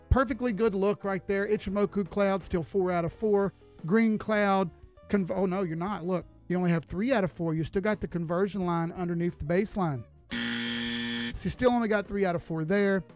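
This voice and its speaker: High-voiced casual chart-streaming man. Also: a little mellow. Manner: casual, folksy, chats with viewers while reading charts. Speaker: crypto chart analyst streamer. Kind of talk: live-stream chart analysis.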